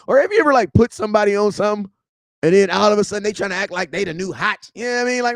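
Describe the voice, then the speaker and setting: Man fronting a fan vlog, high voice, dry close sound, slangy and animated. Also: quick pace, dry recording. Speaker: sports vlog host. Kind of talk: casual unscripted rant.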